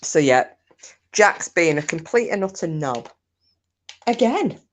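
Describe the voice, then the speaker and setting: A woman's voice: lowish voice, sing-song, slow pace, slight background noise. A young woman telling a story casually to her live chat, laughing often, swearing freely and poking fun at herself. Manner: laughing, swearing, self-mocking. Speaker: streamer.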